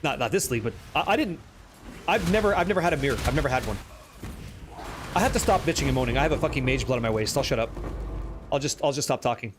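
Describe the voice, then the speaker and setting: A man live-streaming a game, chatting and joking with viewers, excitable and profane. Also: medium pitch, fast, long pauses, noisy background. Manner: excitable, profane, teasing chat, reading questions aloud.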